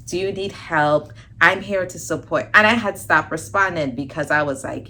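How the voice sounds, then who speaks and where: A woman's voice: deep voice, normal speed, hardly any pauses, a little hiss or hum. A young woman vlogger telling a personal story in a casual storytime style, acting out the dialogue. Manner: animated storytelling, acts out quoted dialogue.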